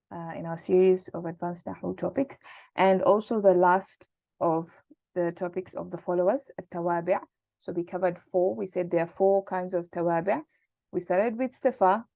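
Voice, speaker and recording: A woman's voice: on the low side, vocal fry, darkish tone, no room sound. A woman teaching an Arabic grammar lesson in an explanatory way, with fillers and restarts. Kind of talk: recorded lesson lecture. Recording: dull lo-fi dry recording.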